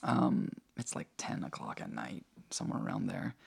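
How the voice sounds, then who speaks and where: A man with a low, gravelly voice tells a personal story in a loose, casual way. He keeps it lively with lots of fillers and acts out the people he quotes. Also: moderate pace. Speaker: guest telling a personal story.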